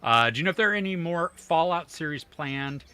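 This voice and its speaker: Bright-voiced man in casual podcast chat. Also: on the high side, expressive, a little fast, smooth. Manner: rambling, lots of fillers and restarts. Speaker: podcast co-host.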